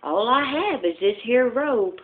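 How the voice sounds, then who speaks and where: A woman voicing a tall blonde housewife who talks in a slow, soft drawl. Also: on the high side, animated, pitched above the performer's own voice. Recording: tinny phone-like audio.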